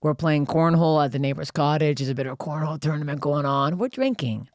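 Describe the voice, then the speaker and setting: A young adult woman from Canada telling a story on a podcast in a fast, profane, animated way. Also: deep voice, no echo, studio quality. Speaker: podcast co-host. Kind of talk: casual storytelling chat.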